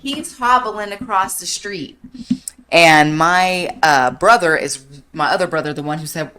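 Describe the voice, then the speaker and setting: A woman's voice: low-pitched, a little slow, pushed and bright. A woman in her thirties hosting a podcast, telling a story casually and animatedly, laughing and swearing freely. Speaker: podcast host.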